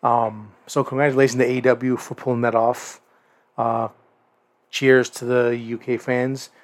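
Rambling young podcast host. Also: male voice, medium pitch, flat delivery, measured pace, no room sound. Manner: rambling, many restarts and stammered repeats. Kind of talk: casual wrestling review.

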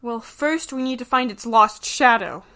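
Girl doing a tired reluctant sidekick, hesitant and a bit high. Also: normal speed, sharp tone. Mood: weary. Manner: hesitant, sighing. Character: reluctant young woman companion, weary.

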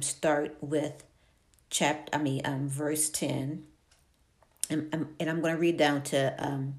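A woman reading Bible passages aloud and then giving a devotional talk, halting, with fillers and restarts. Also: sits low, darkish tone. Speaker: Bible teacher.

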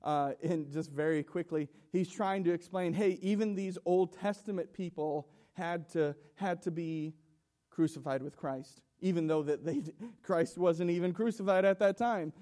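A young man preaching an emotional sermon in a church, halting and repeating himself with nervous laughs. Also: high-pitched, mellow. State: emotional, coughing.

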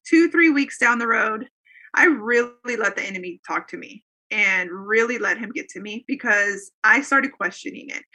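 An earnest woman in her thirties or forties tells a personal story as an interview guest. Her voice sits fairly high and sounds bright and forceful. She rambles a little, circling back with fillers and restarts. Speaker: guest telling a faith testimony. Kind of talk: casual conversational storytelling.

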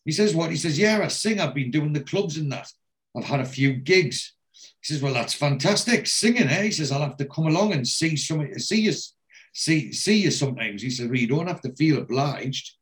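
A man hosting a casual podcast, retelling a TV episode scene by scene and quoting the characters' lines, with a steady "he says" between quotes. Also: a little high, a little fast. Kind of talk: casual chat recapping a TV episode.

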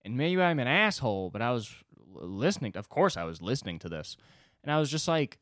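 A man's voice: mid-range voice, very animated, fairly quick, fairly bright tone, dry recording, studio quality. A man hosting a solo podcast, telling a sarcastic, profane story with big swings in his voice. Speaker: podcast host. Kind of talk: solo comedic monologue.

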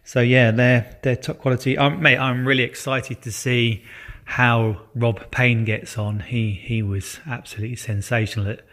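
A man's voice: mid-range voice, fairly even intonation, moderate pace, a bit bright. A man hosting a podcast in casual chat, enthusiastic and chummy, calling his co-host mate.

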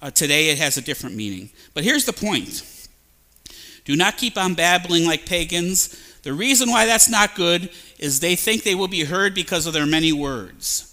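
A male pastor giving a lively sermon, sometimes imitating babbling sounds to make a point. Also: fairly high pitch, normal speed. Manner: animated, mimics babbling sounds. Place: church sanctuary.

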